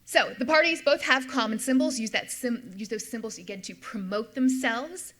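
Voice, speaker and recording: A middle-aged woman delivers a history lecture in a slightly high voice. She explains step by step, circling back to restate her key points for emphasis. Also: normal speed, fairly bright tone. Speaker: history professor giving a lecture. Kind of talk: lecture with slides.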